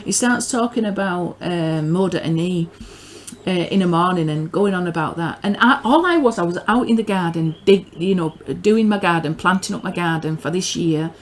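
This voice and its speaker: A northern English woman with a fairly low voice gives a loose, unscripted religious teaching. She rambles and circles back, stumbling over words and repeating herself as her enthusiasm builds. A faint hiss sits under her voice. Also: moderate pace. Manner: earnest, grows excited. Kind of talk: informal spoken teaching.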